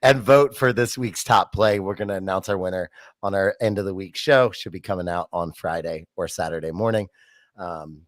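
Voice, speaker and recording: A man's voice: low-pitched, no echo. A man co-hosting a casual sports podcast, playful and joking as he plugs the show. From Louisiana. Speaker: co-host.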